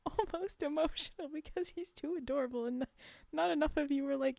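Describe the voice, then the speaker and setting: Giggly high-voiced woman streamer. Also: expressive, a little fast, vocal fry, a little mellow, no room sound. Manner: giggly, rambling, frequently laughing. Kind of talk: casual live-stream chat.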